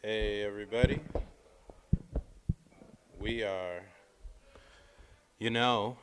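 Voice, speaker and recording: A man's voice: on the low side, fairly even intonation, slow, pauses often, very noisy. A man hosting, checking his microphone before a stream, repeating test lines in a loose, joking way. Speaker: host. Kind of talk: casual mic check before a livestream.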